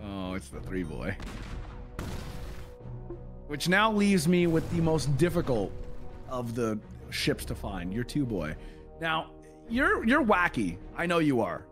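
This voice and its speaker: A man's voice: wildly swooping pitch, slow pace, long pauses, faint music behind. A man teasing his opponent in casual banter over a video game. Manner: teasing, playful, swings between low mumbles and loud whoops. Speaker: gamer.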